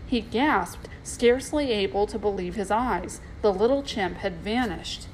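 A woman narrating a children's storybook aloud with steady, expressive delivery. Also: mid-range voice, unhurried, a little hiss or hum, low-quality recording.

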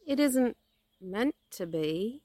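A woman's voice: fairly high pitch, animated, takes it slowly, warm tone, no echo, pitched above the performer's own voice. A woman voicing a cautious, fussy male rabbit in a storybook reading, prim and wary. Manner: prim, wary, a bit evasive.

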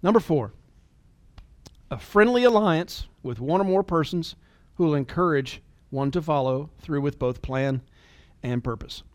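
A man in his forties giving an earnest, emotional motivational talk, at times dropping to a soft near-whisper. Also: on the high side, clear, resonant tone, no room sound. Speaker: business leader and motivational speaker.

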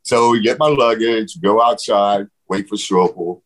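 Animated man telling a story. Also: fairly low pitch, measured pace, low-quality recording. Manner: animated, swears freely, acts out quotes. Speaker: guest. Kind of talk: casual storytelling interview.

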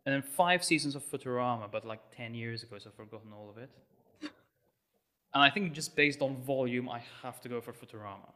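A young man from Malta chats as a guest on a casual podcast. His tone is bright and forward. He rambles in a dry, self-deprecating way. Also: mid-range voice, a little fast. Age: young adult.

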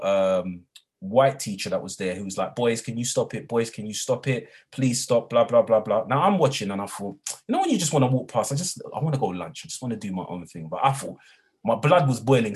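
A man, a guest in an interview, speaking reflectively and growing animated as he retells his own experiences. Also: on the low side, breathy edge. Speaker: guest, educator and former youth worker. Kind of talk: storytelling in a conversational interview.

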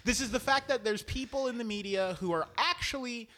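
A young man co-hosting a podcast, ranting about politics in a profane, mocking way and slipping into quick impressions. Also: very high-pitched, sharp tone. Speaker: podcast co-host. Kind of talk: casual political rant.

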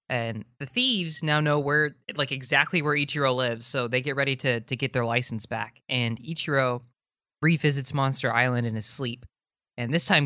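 A woman's voice: extremely low pitch, a bit bright, no echo, clean studio sound. A woman co-hosting a podcast who retells a story casually, with plenty of ums. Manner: easygoing, filler-heavy retelling. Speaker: podcast co-host. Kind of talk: casual plot recap.

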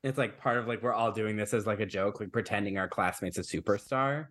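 A man's voice: on the low side, fairly quick, a bit bright. A man from Detroit talking in a rambling, chatty way, full of fillers, as co-host of a casual podcast. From Detroit, USA. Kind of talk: casual chat.

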